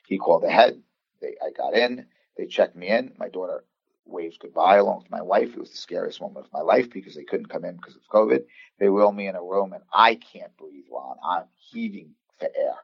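A man in his fifties, a coach, earnestly telling a personal story in a podcast interview, halting and restarting as he recalls what people said. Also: sits low, animated, vocal fry, husky, dry recording. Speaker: basketball coach guest. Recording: dull lo-fi sound.

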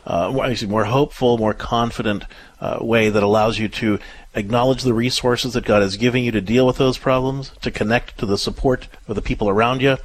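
A man hosting a call-in radio advice show, gentle and reassuring, his voice often dropping softer at the ends of phrases. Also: mid-range voice, fairly even intonation, fairly quick, no room sound. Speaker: radio show host and counselor.

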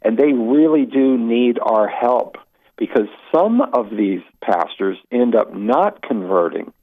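Over a tinny phone connection to a radio show, a Catholic apologist with a medium-pitched voice speaks slowly. He tells stories with animation, often restarting sentences and slipping in asides.

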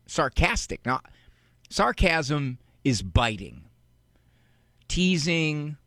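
Gravelly, animated male radio advice host. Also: a little high, no room sound, studio quality. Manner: deliberate, fires off rhetorical questions. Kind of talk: call-in radio talk, teaching monologue.

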